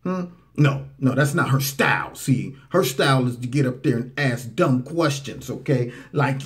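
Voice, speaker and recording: A man's voice: medium pitch, moderate pace, hardly any pauses. A man hosting a talk radio commentary show, mocking and reacting to played clips. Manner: animated, mocking, talks over clips. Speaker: political commentary host.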